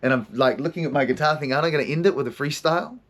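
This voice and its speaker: A man's voice: a little high, rapid-fire, a bit bright. A middle-aged man from New Zealand, a counselor hosting his own podcast, talking in a raw, emotional, heavily swearing way. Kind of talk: confessional solo podcast talk.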